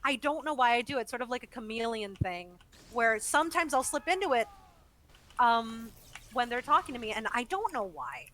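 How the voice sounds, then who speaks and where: A woman voice actor chats as a guest in a relaxed, animated way, spinning long explanations and laughing easily. Her tone is bright and forward. A faint hiss of background noise sits under the voice. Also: fairly high pitch, normal speed, poor audio. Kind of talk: casual interview chat while gaming.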